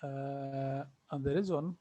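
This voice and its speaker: A man's voice: medium pitch, fairly even intonation, slow, warm tone, dry recording, muffled recording. A man teaching an online class, patiently repeating sounds and names for his students over a video call. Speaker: Arabic teacher.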